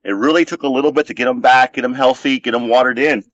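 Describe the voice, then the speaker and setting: A man's voice: mid-range voice, steady tone, quick pace, fairly bright tone, dry recording. A man hosting a casual garden vlog, chatting in an easygoing, rambling way as he walks around an outdoor desert garden. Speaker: vlog host. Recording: dull lo-fi dry sound.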